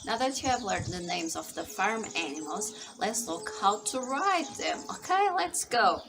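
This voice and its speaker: A woman teaching English to young children, quizzing them in a slow, exaggerated teacherly way. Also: mid-range voice, sing-song, vocal fry, noisy background. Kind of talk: slow, sing-song spelling lesson for young children.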